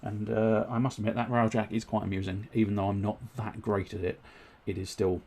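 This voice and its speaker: A man's voice: fairly low pitch, little pitch movement, brisk, a little mellow. A man chatting casually on a live game stream, wordy and politely formal, with frequent fillers and restarts. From United Kingdom.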